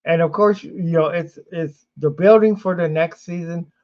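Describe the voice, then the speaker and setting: A man's voice: a little high, moderate pace, dull audio. A man hosting a casual sports livestream, rambling with fillers and restarts, sleepy and yawning. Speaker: sports show host.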